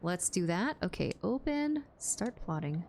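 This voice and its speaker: A woman's voice: lowish voice, sing-song, measured pace, creaky, darkish tone, slight background noise. A woman streaming a game live, chatting playfully with her viewers and laughing often. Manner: playful, giggly, talks to chat while playing. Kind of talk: casual live-stream gaming chat.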